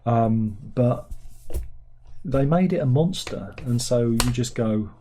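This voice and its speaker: A man's voice: medium pitch, animated, takes it slowly, a little hiss or hum. A man hosting a casual film review, reading out viewer comments in a rambling, sardonic way with incredulous outbursts.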